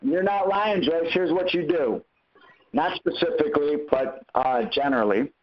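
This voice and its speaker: A man's voice: on the high side, moderate pace. A man hosting a call-in Q&A who coaches callers and acts out the conversations he quotes. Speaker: host answering callers' questions. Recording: muffled lo-fi call audio.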